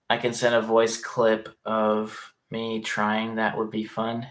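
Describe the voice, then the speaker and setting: A man's voice: fairly low pitch, monotone, takes it slowly, few pauses. Rambling young man chatting on stream. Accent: regional dialect, place unstated. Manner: rambling, filler-heavy, swears casually. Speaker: livestream host. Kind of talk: casual live-stream chat.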